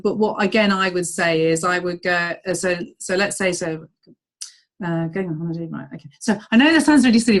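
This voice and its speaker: Chatty woman coaching on a call. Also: fairly low pitch. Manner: chatty, acts out little dialogues in bright voices. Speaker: business coach leading a group call. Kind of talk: coaching talk on a video call. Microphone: video call.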